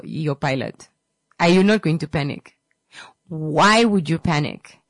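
A woman's voice: low-pitched, no echo. A woman hosting a radio show, giving an earnest motivational talk full of rhetorical questions. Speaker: radio host.

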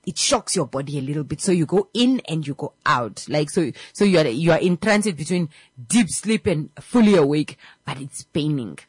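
A woman telling a personal story in a casual, animated way, acting out the voices of the people in it and often repeating and restarting her words. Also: on the low side, husky, no room sound. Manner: animated, acts out every character's voice.

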